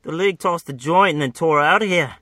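A man voicing a rowdy male Australian crook with a put-on Australian accent, loud and exaggerated. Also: fairly high pitch, fairly quick, no room sound, clean studio sound, voice pushed up. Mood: brash.

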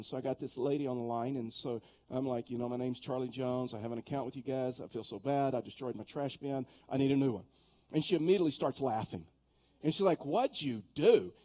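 Man, pastor, conversational sermon, stumbles over first words, warm mellow tone. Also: mid-range voice. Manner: conversational, repeats words when starting sentences. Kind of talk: sermon with storytelling.

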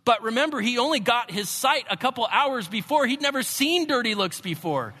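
A man preaching a sermon, expressive, moving between hushed and emphatic delivery. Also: very high voice, brisk. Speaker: pastor. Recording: long hall reverb.

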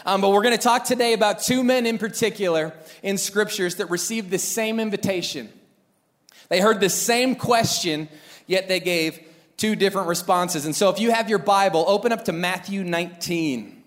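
A young adult man preaching a sermon, telling a childhood story with lively acted-out voices. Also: high-pitched, normal speed. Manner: animated storyteller acting out voices. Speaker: pastor.

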